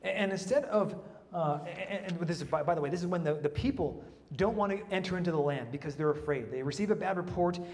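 A man preaching a sermon in a lively way, with humorous asides and frequent restarts. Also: high-pitched, fast, long reverb tail.

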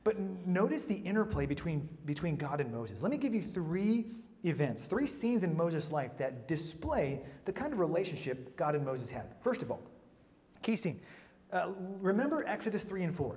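A man preaching a sermon in a lively way, with humorous asides and frequent restarts. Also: a little high, normal speed, long reverb tail.

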